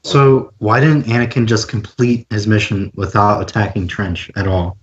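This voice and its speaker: Lower voiced guy on a podcast asking blunt skeptical stuff, muffled lo-fi. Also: steady tone, normal speed. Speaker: podcast co-host. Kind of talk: casual chat.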